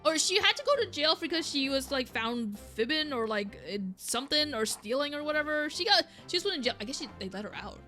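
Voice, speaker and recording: High-voiced woman chatting over a game. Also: sing-song, brisk, hardly any pauses, sharp tone, faint music behind. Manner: rambling, unsure. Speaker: co-player. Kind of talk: casual gameplay chat.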